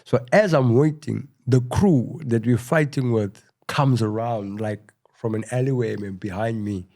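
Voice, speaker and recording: A middle-aged South African man, a podcast guest, tells his story in a casual interview. He rambles, says "you know" a lot and gets quieter at tense moments, speaking a little slowly in a medium-pitched voice.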